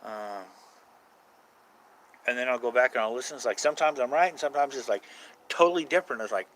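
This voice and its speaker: A man of ordinary pitch talks loosely to his live stream audience, drifting between thoughts and cursing offhandedly as he answers questions. A faint hiss of background noise sits under his voice throughout. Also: a little fast, pauses often, fairly bright tone, poor audio. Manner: rambling, swears casually, answers chat questions. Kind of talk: casual live stream chat with viewers.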